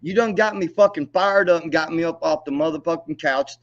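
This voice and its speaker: A man's voice: a little high, fairly quick, highs cut off. A man, angrily ranting and taunting with profanity on a livestream. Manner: angry, profane, taunting, laughs mockingly. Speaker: livestream co-host. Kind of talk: heated livestream rant.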